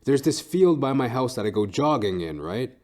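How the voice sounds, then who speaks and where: A young man who does stand-up hosts his own podcast and goes on a loose, profane rant full of fillers, restarts, and constant cursing. He sounds very animated at a moderate pace, his mid-range voice a little mellow.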